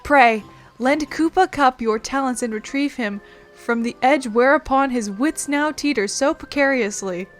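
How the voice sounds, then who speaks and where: A woman's voice: high voice, measured pace, faint music behind, pitched above the performer's own voice. Woman doing a theatrical courtly noblewoman. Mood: grand. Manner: flowery, theatrical, old-fashioned speech. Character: grand courtly noblewoman, an emissary of love.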